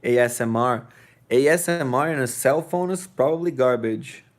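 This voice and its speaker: A man's voice: medium pitch, moderate pace. A young man with a Brazilian Portuguese accent, Portuguese his first language, chatting casually as a livestream host and rambling, restarting and joking.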